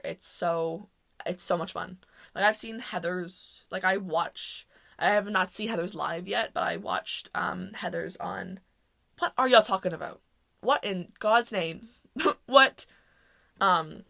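Low, gravelly young woman rambling. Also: fairly bright tone. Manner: rambling and chatty, with many fillers and self-interruptions; laughs often while talking. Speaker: podcast host. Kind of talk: casual solo chat.

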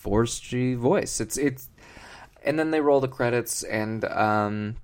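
Mid-pitched man, deadpan comedy podcast co-host who rambles. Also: slow pace. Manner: rambling, mock-earnest, full of fillers.

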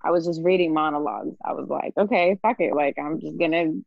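A woman's voice: sits low, a little fast, vocal fry, no room sound, lo-fi sound. A woman hosting a podcast, chatting casually with a friend and reading a poem aloud, laughing often. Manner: laughs often, fillers and restarts. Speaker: podcast host. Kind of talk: casual chat and poetry reading.

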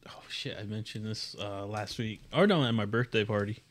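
A man's voice: fairly low pitch, moderate pace. A man co-hosting a casual podcast, swearing freely while sharing news and gossip. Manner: profane, brings up news and gossip. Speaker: podcast co-host. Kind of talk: casual chat.

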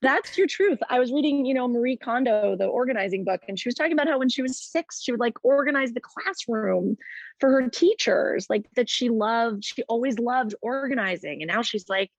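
A woman's voice: on the high side, fairly quick, no room sound. A woman guest in a casual interview, talking in an earnest, chatty way, full of "like" and "you know". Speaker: interview guest, postpartum doula business founder.

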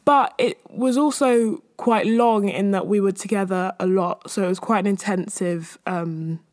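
A young woman talks on her own podcast in a loose, rambling way, full of fillers and little laughs. She sounds slightly out of breath as she chats at a middling pitch. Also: fairly even intonation, unhurried, darkish tone. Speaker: podcast host. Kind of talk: casual solo chat.

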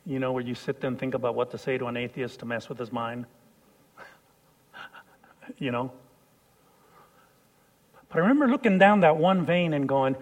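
A man preaching a sermon, telling a personal story and swinging from hushed lines to loud shouts. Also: mid-range voice, moderate pace, pauses often.

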